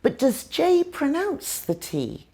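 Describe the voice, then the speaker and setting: British woman, English teacher, mellow tone, very animated intonation, careful word-by-word delivery. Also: high-pitched. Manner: slow, careful demonstrations of pronunciation. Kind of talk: scripted language lesson.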